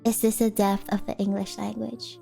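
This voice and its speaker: A woman's voice: a little high, animated, moderate pace, gravelly, dark tone. A woman streamer with a sore throat, chatting casually and playfully, laughing often and asking many questions. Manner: playful, giggly, asks lots of questions. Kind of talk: casual chat with chat. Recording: faint music behind.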